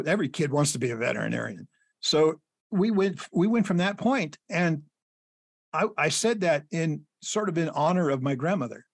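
A middle-aged man with a fairly high voice spins rambling anecdotes as a guest author. He leans on fillers and little laughs. The sound is dry and close. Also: no echo. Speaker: children's book author, guest. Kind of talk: storytelling in an interview.

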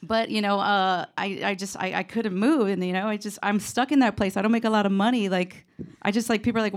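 A woman's voice: mid-range voice, steady tone, fast talker. A woman telling a comedic personal story in a rambling, self-mocking way, full of "like" and "you know".

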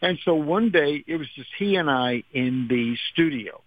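An older male musician guest telling animated anecdotes in a radio interview, acting out quotes. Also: a little high, moderate pace, no echo, narrow, tinny audio. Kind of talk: storytelling interview.

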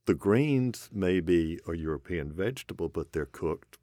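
A man's voice: low-pitched, animated, measured pace, warm tone, no echo, studio quality. A man hosting a radio interview show, explaining things in a folksy, conversational way. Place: radio studio.

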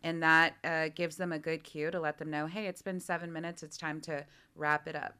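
A woman on a radio talk show, explaining how the storytelling event works in a relaxed, explanatory way. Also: low voice, brisk, clear, resonant tone. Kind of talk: radio interview.

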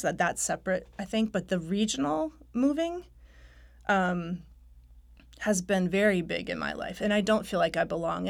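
Her mid-range voice has a gravelly texture as the novelist recounts stories during a candid radio interview, frequently laughing and making self-deprecating remarks. She comes from North Carolina but has lost her accent.

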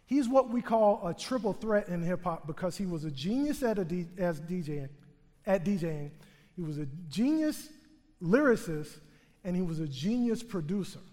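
Brief: male stage storyteller, funny and self-deprecating, voice ringing through a big theater. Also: high voice. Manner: humorous, self-mocking, animated delivery. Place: theater stage before a live audience. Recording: long theater hall reverb.

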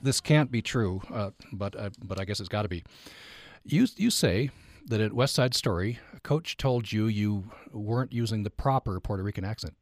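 A man's voice: lowish voice, normal speed, dry recording, studio quality, faint music behind. A man hosting a radio interview, easygoing, chuckling and stammering a little. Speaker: radio host.

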